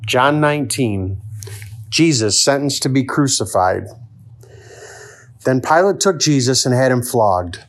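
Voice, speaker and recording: Man reading scripture at steady pace. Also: medium pitch, unhurried, long pauses. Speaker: scripture reader.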